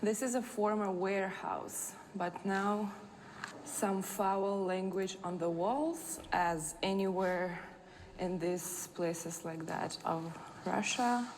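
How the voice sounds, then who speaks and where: Woman, very slow speech, dry sarcastic, walking tour inside abandoned warehouse, noisy background. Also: mid-range voice, a little mellow. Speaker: vlogger touring a warehouse.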